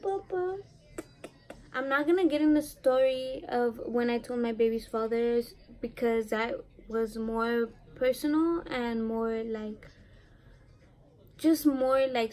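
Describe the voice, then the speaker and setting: A woman's voice: a little high, dark tone. A young adult woman telling a personal story to her vlog audience in a chatty, confiding way, full of "like" and "you know.". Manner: chatty, heavy use of "like"; emotional, confiding. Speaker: vlogger. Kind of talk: casual storytelling to camera.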